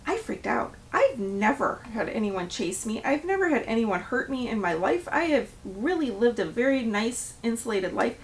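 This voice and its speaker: Woman, middle-aged, storytime vlog, high voice, a little distant from the mic. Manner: animated storytelling, acts out quoted voices. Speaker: property manager.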